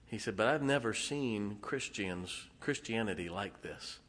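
A male pastor preaching a sermon in a folksy way, dropping to hushed tones and then rising to loud exclamations. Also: lowish voice, expressive, a little slow. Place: church sanctuary. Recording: long hall reverb.

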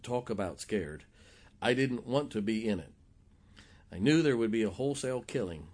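A male pastor preaching a sermon, telling stories in an animated, jokey way and acting out the quotes. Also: on the low side, normal speed. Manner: animated, jokey storyteller who acts out quotes. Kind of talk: sermon storytelling.

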